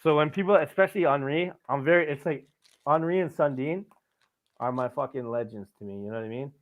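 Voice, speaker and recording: His pitch is fairly high and his delivery a little quick. As a podcast host, he shares stories in easygoing chat full of profanity and frequent laughter, with lively energy. Everything sounds tinny and phone-like.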